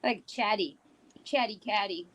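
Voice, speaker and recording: Brief: woman panel co-host, casual, halting, middle pitch. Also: noisy background. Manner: chatty, halting with fillers. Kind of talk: casual live-stream chat.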